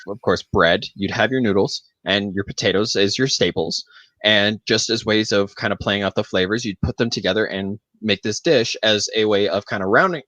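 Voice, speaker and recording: A man's voice: lowish voice, a bit bright, no room sound. A man co-hosting a casual podcast chat, telling a loose, rambling story full of fillers and restarts. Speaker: podcast co-host.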